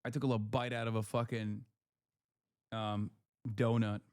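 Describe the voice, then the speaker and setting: A man's voice: medium pitch, level tone, moderate pace, darkish tone, clear, resonant tone, dry recording, studio quality. A man hosting a livestream, delivering heated, profane political commentary with blunt emphasis. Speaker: livestreamer host.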